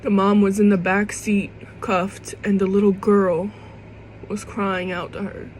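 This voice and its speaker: A woman's voice: mid-range voice, little pitch movement, a little slow, darkish tone, a little hiss or hum, low-quality recording. A young woman vlogging to camera in an emotional personal monologue. She rambles and restarts, swears casually, and fights back tears.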